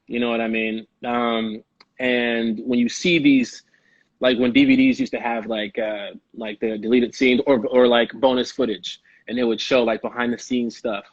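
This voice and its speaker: Man, young adult, from Chicago, muffled lo-fi sound, animated storyteller. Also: mid-range voice, moderate pace, dry recording. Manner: animated, laughing storyteller who slips into quoted voices. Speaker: guest actor. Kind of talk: casual storytelling.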